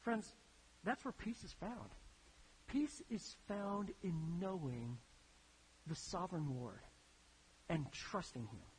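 A preacher telling stories in a sermon, in an animated, conversational way that builds to emphatic peaks. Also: medium pitch, slow pace, long pauses, slight background noise, rough recording. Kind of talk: sermon storytelling.

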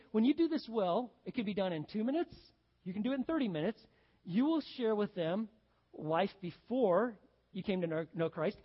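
A pastor with a high male voice preaches a sermon in an easy, conversational style, drifting into stories and acting out jokes for the congregation. The recording sounds dull and muffled, with the long reverb of a large church sanctuary.

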